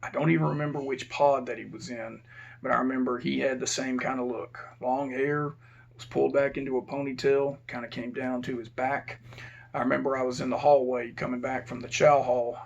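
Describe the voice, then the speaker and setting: Gravelly man telling a prison story. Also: medium pitch, little pitch movement, a little fast, muffled recording. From Texas. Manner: rambling, self-correcting, plain-spoken. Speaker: former prison officer. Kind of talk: casual storytelling.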